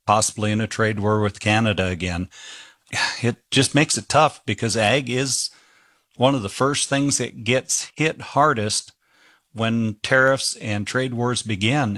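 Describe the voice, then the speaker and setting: Weary cattle farmer from South Dakota. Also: male voice, medium pitch, unhurried, fairly bright tone, no echo, clean studio sound. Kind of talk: radio interview.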